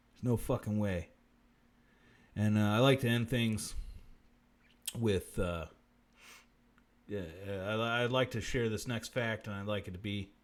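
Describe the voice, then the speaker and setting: A man hosting a live-stream comedy show, muttering profane bits deadpan and breaking into sudden shouts. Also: fairly low pitch.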